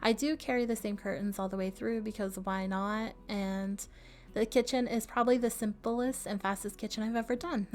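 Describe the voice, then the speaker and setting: A woman's voice: on the high side, fairly even intonation, normal speed, darkish tone. Chatty woman narrating with frequent laughs. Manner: chatty, laughs often, friendly asides. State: has the hiccups. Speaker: game builder narrating a build video. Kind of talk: casual voice-over narration.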